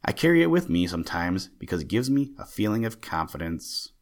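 A man voicing a fussy, excitable old male stamp collector with a chattering, genteel manner. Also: fairly low pitch, a little fast. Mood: earnest. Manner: chattering, genteel, easily indignant.

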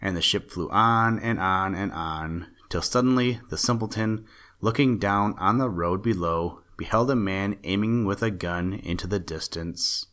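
Male storyteller, low voice, steady fairy-tale narration. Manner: steady, measured reading.

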